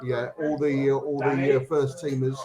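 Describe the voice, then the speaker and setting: A man's voice: mid-range voice, little pitch movement, normal speed, over a noisy crowd, poor audio. A man co-hosting a casual live stream, chatting in an easygoing, jokey way. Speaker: co-host.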